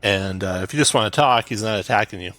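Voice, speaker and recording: A man narrating as game master of a tabletop game, describing scenes briskly with frequent fillers. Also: on the low side, a bit bright, no echo.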